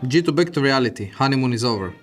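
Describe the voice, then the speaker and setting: A man co-hosting an esports stream, delivering wry, deadpan quips and casual swearing in relaxed banter. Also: medium pitch, very fast, soft background music. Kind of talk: casual banter reading chat messages.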